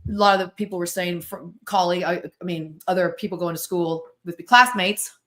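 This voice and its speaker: A middle-aged woman from the United States, a podcast guest telling stories in an animated, self-interrupting way. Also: fairly low pitch, a little fast. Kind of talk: casual storytelling interview.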